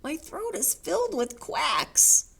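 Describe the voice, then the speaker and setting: A woman's voice: sits high, very animated, slow, gravelly, a bit bright, pitched above the performer's own voice, full character voice. Lady reading as a worried cow guy from a picture book, kinda whiny, voice jumps around. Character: distressed male cow.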